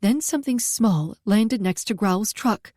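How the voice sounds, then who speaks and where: A woman reading a first-person story aloud at a steady pace, close to the mic. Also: medium pitch, a little slow, no echo. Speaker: audiobook narrator.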